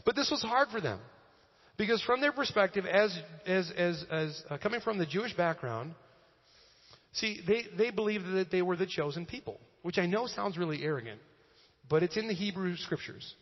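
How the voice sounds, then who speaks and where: A man's voice: high voice, lively intonation, moderate pace. A male pastor giving a casual, joking sermon in a church, often using fillers. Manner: conversational and joking, with frequent fillers. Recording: echoey hall, dull lo-fi sound.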